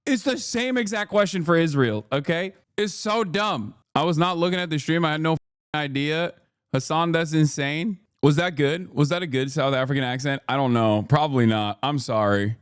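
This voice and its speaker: A man with a high-pitched voice rants through a live stream reaction, heated and animated, breaking off into mocking voices and swearing freely. The sound is dry and close, with no room around it. He is in his thirties and talks casually to his chat. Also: moderate pace, clear, resonant tone, no echo. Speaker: streamer reacting to news clips.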